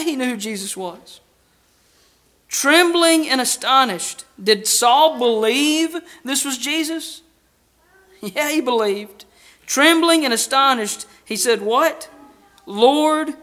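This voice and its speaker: A man preaching a sermon in a church, earnest and emphatic, asking rhetorical questions and dropping from loud to hushed. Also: very high-pitched. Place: church building with a baptistry.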